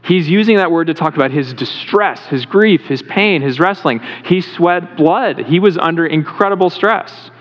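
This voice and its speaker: A man's voice: fairly high pitch, expressive, normal speed, hardly any pauses. A male pastor giving a conversational sermon in a church, asking the congregation questions as he goes. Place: church sanctuary. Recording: reverberant hall, dull lo-fi sound.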